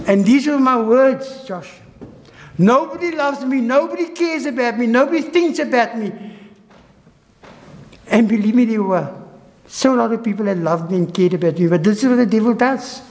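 South African male preacher, high voice, urgent-to-hushed testimony delivery, long church reverb. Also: brisk. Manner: emotional testimony, swinging between high urgent and low hushed phrases. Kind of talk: sermon. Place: church hall.

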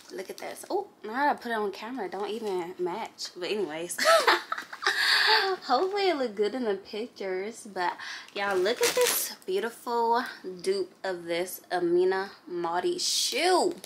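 A woman chatting casually in a vlog from her makeup table, talking to viewers as y'all and honey in a lively, animated way. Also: mid-range voice, background noise. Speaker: vlogger.

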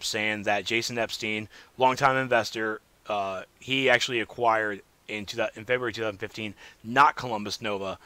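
Bright-voiced man hosting a gaming podcast. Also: medium pitch, no echo. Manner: rambling, animated, swings between loud and muttered asides. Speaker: podcast host. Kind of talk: casual solo gaming podcast.

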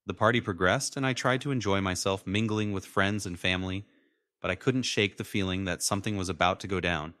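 A young man in his twenties narrating a dramatic first-person animated story. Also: low voice, brisk, dry recording. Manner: dramatic, emotionally charged. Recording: dry close studio voice-over.

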